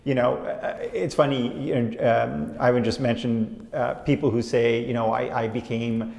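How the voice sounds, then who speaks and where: A man with a gravelly voice speaks haltingly, full of fillers. The sound is roomy, with a long reverb trailing his words. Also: mid-range voice, fairly even intonation, a little mellow. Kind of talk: interview talk.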